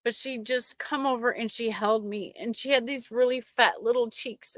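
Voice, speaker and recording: A middle-aged woman sharing a personal faith testimony with an online audience, emotional and halting, often restarting her sentences. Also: on the high side, fairly even intonation, no echo, clean studio sound.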